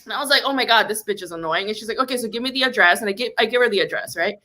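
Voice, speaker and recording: A young woman telling a comic story in a casual, exasperated rant, swearing and jumping up in pitch when indignant. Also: lively intonation, racing, pushed and bright. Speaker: comedy podcast host.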